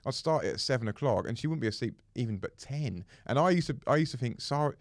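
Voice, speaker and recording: A man's voice: mid-range voice, animated, fast, dry recording, studio quality. A man in his thirties chatting casually as a podcast co-host, rambling and often restarting his sentences. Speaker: co-host, parent. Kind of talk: casual chat.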